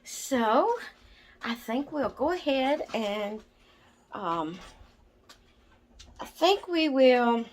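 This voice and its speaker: A woman's voice: fairly high pitch, animated, a little hiss or hum. A woman chatting casually to camera as a vlogger, a little out of breath from asthma and easily sidetracked. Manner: slow, chatty, easily distracted. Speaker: doll channel vlogger.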